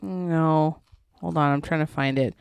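A woman's voice: low voice, steady tone, a little slow, gravelly, smooth, no echo. A woman co-hosting a casual chat, blunt, mocking and profane.

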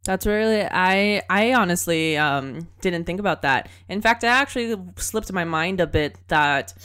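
Thoughtful woman in casual chat, lowish voice. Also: expressive, unhurried, a bit bright, clear, resonant tone. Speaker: co-host discussing a video game.

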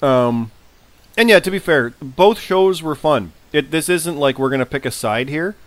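A man's voice: a little high, expressive, dry recording. A man co-hosting a casual podcast, talking at length and jumping in often. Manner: talkative, quick to jump in. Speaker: podcast co-host. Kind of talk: casual chat.

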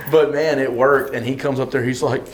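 A man, a singer telling lively anecdotes in an interview, acting out the voices of the people he quotes and laughing often. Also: medium pitch, a little hiss or hum. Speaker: singer and bandleader. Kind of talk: animated storytelling in an interview.

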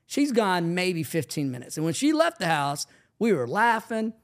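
A man co-hosting a podcast, telling family stories in a lively casual chat. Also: high voice, normal speed. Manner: animated storyteller acting out quoted family lines. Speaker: podcast co-host, family ministry leader.

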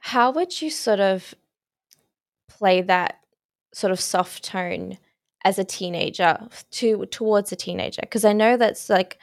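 A woman's voice: medium pitch, measured pace, gravelly, dry recording, studio quality. A young woman hosting a parenting podcast, asking long, hesitant questions full of "sort of". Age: young adult. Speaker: podcast host. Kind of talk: conversational podcast interview.

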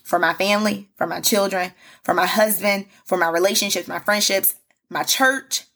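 A woman's voice: medium pitch, normal speed, a bit bright. A woman hosting a solo devotional podcast, preaching fervently in a repetitive cadence and calling listeners "baby" and "y'all". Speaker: podcast host.

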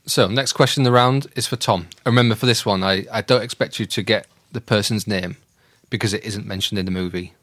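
A man's voice: lowish voice, fairly even intonation, fast talker, hardly any pauses, a bit bright, dry recording, studio quality. A man hosting a casual podcast quiz, explaining answers in a teasing way. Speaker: quiz host.

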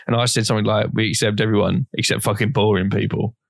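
A man's voice: on the low side, little pitch movement, fast, creaky, no room sound. A young man co-hosting a podcast, telling a long story in a rambling, casual way with plenty of swearing. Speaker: podcast co-host. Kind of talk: casual chat.

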